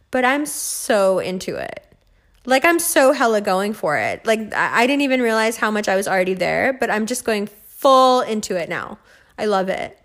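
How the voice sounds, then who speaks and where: Profane, animated woman ranting casually. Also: on the high side. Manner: blunt, profane, animated with frequent laughs and filler "like". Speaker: host.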